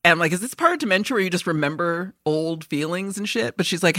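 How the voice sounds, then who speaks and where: A woman co-hosting a podcast in casual chat, an animated storyteller who swears freely and laughs often. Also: fairly low pitch, brisk, few pauses, no room sound, studio quality. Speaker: podcast co-host.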